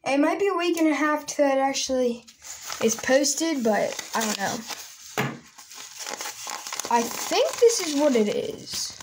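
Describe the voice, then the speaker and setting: A woman vlogging casually as she opens her mail, excitable and gushing, often dropping to a hushed, awed voice. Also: sits high, measured pace, long pauses, noisy background. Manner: excitable, keeps saying "oh my gosh, guys", drops to hushed awe. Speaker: sports card collector vlogger. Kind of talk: casual unboxing vlog.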